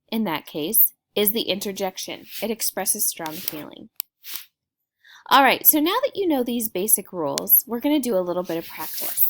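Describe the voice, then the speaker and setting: Woman teacher, animated pitch, clear explaining tone, kids' grammar lesson. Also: normal speed.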